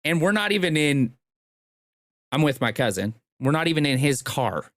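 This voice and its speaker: A man's voice: fairly high pitch, sing-song, fairly bright tone, no echo. A young man casually telling a long anecdote, acting out what people said along the way. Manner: laid-back, drawn-out anecdotes acting out quotes. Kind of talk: casual storytelling.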